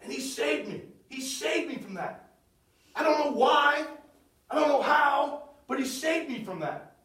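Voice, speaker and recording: A middle-aged man tells a personal testimony with a high, lifted voice that bursts loud and then drops to a hush. He stands well back from the mic in an echoey room. His storytelling is dramatic and uneven. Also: animated, measured pace, recorded from a distance. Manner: storytelling, swings from loud outbursts to hushed near-whispers. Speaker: speaker sharing a personal testimony. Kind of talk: testimony talk.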